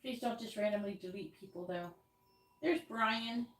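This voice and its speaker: A woman's voice: medium pitch, moderate pace. Woman tarot reader hosting a live stream, loose and chatty, heard from a distance off the mic. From New York. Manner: rambling, chatty, laughs often. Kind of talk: casual livestream chat. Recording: roomy sound, distant from the mic.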